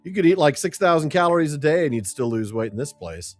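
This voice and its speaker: A man's voice: fairly high pitch, lively intonation, fast talker, soft background music. A man hosting a casual gameplay stream, chatty and jokey, laughing at himself. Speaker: podcast host playing a game.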